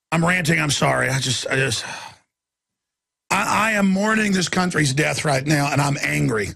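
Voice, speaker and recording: A man hosting a talk radio show rants with a raised pitch and a husky edge. He drops into low, tired muttering, then climbs back up into shouting. The voice is rough and gravelly throughout. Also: normal speed. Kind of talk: impassioned talk radio monologue.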